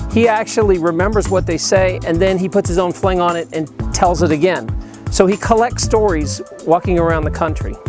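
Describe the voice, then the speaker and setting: Man giving a casual intro over music. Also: sits high. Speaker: video narrator introducing the storyteller.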